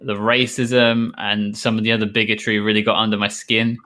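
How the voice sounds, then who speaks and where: Bright-toned male podcast guest. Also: fairly low pitch, little pitch movement, brisk. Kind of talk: casual podcast chat.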